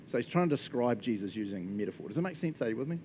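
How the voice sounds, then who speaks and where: A man preaching a casual, conversational sermon, animated and chatty, often checking in with his listeners. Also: mid-range voice, rapid-fire, slight background noise. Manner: animated and chatty, frequent laughs and "right?" check-ins.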